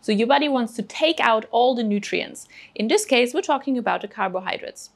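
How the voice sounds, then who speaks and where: A woman with a slightly high, gravelly voice presents a children's cooking lesson. She explains things step by step and encourages the young viewers patiently. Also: lively intonation, a little fast. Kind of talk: teaching children about food.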